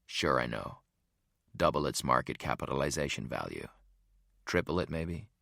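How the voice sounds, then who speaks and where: A man doing a smug, calm bald executive. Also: extremely low pitch, vocal fry, dry recording, studio quality, voice pushed down, exaggerated voice. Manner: bland, unhurried, condescending.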